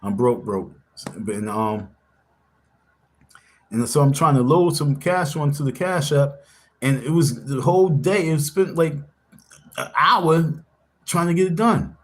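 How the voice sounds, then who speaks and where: A man's voice: on the high side, measured pace, pauses often. A man hosting a casual livestream, talking in an insistent, confrontational way and repeating himself for emphasis. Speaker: livestream host.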